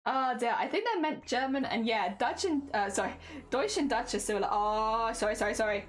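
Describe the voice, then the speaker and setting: A young British woman chats and giggles with her viewers in a casual live stream while crafting at home. Her voice is a little high, expressive and brisk.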